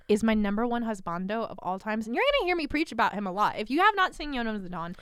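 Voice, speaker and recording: A young woman gushing on a casual podcast, swearing freely and laughing between thoughts. Her voice is bright, smooth and clear, with lively swings in pitch. It sounds close and dry. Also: fast, hardly any pauses, dry recording. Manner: animated, swearing, laughing often, dips into whispers. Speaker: podcast co-host. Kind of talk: casual anime chat.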